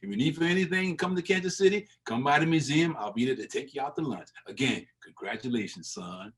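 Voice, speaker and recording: A man doing an impression of an elderly man in baseball, slow and gentle, speaking with fatherly pride. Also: fairly high pitch.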